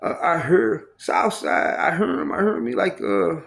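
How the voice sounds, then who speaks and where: A man with a gravelly, fry-laden voice that sits a little high for a man. He tells a story from his time in prison casually and animatedly, full of profanity and street slang, acting out the sounds and exchanges as he goes. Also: huge pitch swings, measured pace, fairly bright tone. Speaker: storyteller recounting prison life.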